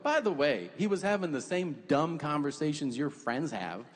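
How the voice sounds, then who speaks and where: Animated profane comedian in his forties. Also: on the high side, big-room sound. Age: 40s. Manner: animated, profane storytelling with quick put-on voices. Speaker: stand-up comedian. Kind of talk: stand-up comedy set.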